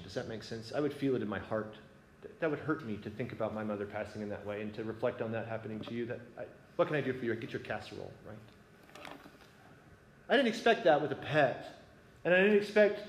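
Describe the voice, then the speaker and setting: Speaking in a medium-pitched voice, a man shares an earnest personal story with a gathering in a conversational way, frequently checking that it makes sense to his listeners. The recording has slight background noise in an echoey room with faint ambience.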